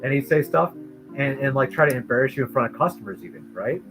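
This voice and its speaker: A man from Michigan spins long anecdotes in a casual stream chat, slipping into the voices of the people he quotes. His voice sits at an ordinary pitch. Music plays clearly underneath. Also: fast talker, rough recording. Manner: animated, acts out quoted voices. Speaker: streamer and comic artist. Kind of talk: casual storytelling on a live stream.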